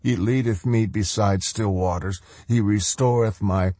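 Fervent wounded cult fanatic, played by a man; strained, husky, dry. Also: on the low side, steady tone, unhurried, no echo, voice pushed up. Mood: chanting. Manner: fervent, chanting and shouting.

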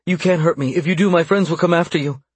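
A man's voice: a little high, fast talker, breathy edge, no room sound, pitched above the performer's own voice. A man voicing a terrified young female federal agent who pleads in a rush. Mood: pleading.

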